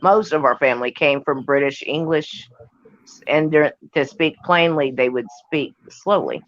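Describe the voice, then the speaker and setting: A speaker with a Southern US accent, explaining things in an unhurried way during a casual livestream chat. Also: mid-range voice. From Southern United States. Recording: dull muffled sound.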